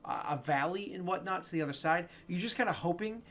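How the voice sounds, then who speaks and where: A man's voice: high voice, quick pace, a bit bright. A man narrating as game master of a tabletop game, rambling along with many fillers and self-corrections.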